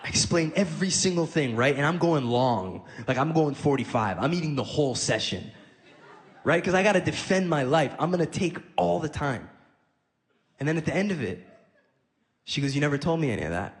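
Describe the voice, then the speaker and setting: A man's voice: a little high, animated, normal speed, big-room sound. A man performing stand-up comedy, telling stories in a conversational way and acting out both sides of the dialogue. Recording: live audience laughing.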